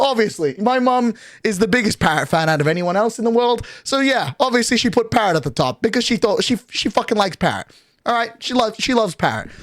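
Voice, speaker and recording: A nineteen-year-old streamer chatting casually on a livestream, ranting in an animated, exasperated way with lots of swearing. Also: medium pitch, no echo, studio quality. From Australia.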